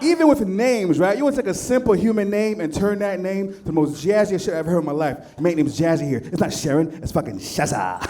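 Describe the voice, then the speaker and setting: A man's voice: high voice, fast, hardly any pauses, noisy background. An American man doing a stand-up routine on a comedy club stage, brash and profane with punchy delivery. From United States.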